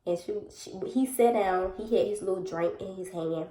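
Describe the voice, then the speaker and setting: A woman's voice: medium pitch, moderate pace, dark tone. A young adult woman vlogger telling a story in casual chat, talking straight to her viewers. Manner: chatty, addresses viewers directly, acts out dialogue. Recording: roomy, echoey room.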